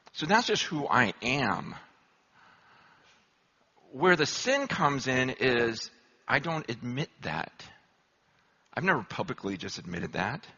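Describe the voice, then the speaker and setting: A man preaching a sermon, telling self-deprecating stories in an animated, humorous way. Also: mid-range voice, husky, muffled recording. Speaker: pastor.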